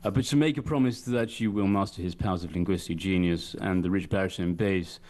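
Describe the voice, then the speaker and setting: A man impersonating an erudite, grandiloquent older British intellectual with slow, ornate, pompous phrasing. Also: deep voice, a little mellow, voice pushed down, close to an everyday voice.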